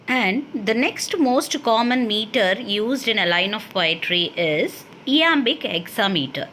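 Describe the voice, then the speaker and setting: A woman lecturer with an Indian English accent and a fairly high voice explains terms in a steady classroom manner. She poses questions and answers them herself. A faint hiss sits under the recording.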